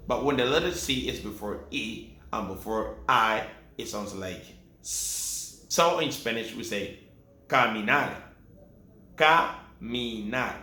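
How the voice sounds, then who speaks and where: A man from Latin America teaching pronunciation, repeating syllables and words slowly for practice. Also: mid-range voice, pushed and bright. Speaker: Spanish teacher. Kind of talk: pronunciation lesson. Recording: echoey room with faint ambient noise.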